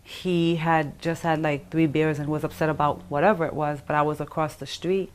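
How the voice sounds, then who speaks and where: A middle-aged woman telling her own story in an interview, halting and pausing, acting out the voices of others as she goes. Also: low voice, fairly even intonation, slight background noise. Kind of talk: emotional personal account.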